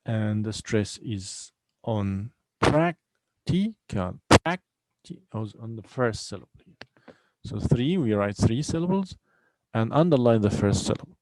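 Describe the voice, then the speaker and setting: A man's voice: on the low side, unhurried, warm tone, poor audio. A man teaching a vocabulary lesson, patiently repeating each word and breaking it into syllables to drill the stress. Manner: breaks words into syllables and stresses them clearly. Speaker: English teacher. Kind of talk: recorded online lesson.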